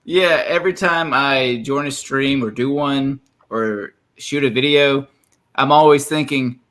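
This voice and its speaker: A man's voice: mid-range voice, a little slow, fairly bright tone. A man with a Southern US accent, chatting casually on a livestream and laughing easily. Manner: laughs often, self-deprecating. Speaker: streamer and guest. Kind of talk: casual chat.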